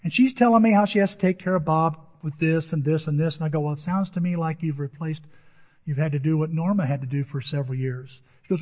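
A man's voice: fairly high pitch, fast. A middle-aged man preaching a sermon, telling a personal story in an earnest way with quoted dialogue. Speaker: pastor. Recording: dull audio with long hall reverb.

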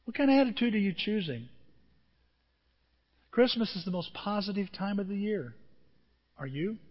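A man's voice: high-pitched, expressive, normal speed, in a large hall, highs cut off. A man preaching a conversational sermon, telling a personal story and asking rhetorical questions. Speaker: pastor.

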